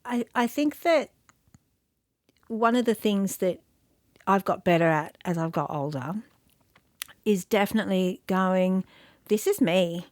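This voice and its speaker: A woman's voice: medium pitch, expressive, a little slow, long pauses, dry recording, clean studio sound. A middle-aged woman speaking as an interview guest, candid and self-deprecating, often restarting her thoughts as she reflects. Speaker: guest, media industry CEO.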